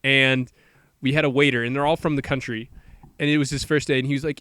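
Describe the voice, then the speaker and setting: A man's voice: medium pitch, level tone, fast talker, bright, forceful tone, dry recording. A young man co-hosting a casual chat podcast, joking and laughing often. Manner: joking, laughs often, does silly voices. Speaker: podcast co-host.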